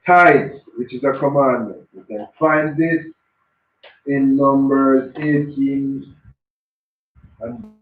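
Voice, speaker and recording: A man's voice: medium pitch, fairly even intonation, slow pace, pauses often. Brief: man announcing rules and drill commands, formal declaiming delivery, distant echoey phone-line sound. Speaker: announcer at a religious school class.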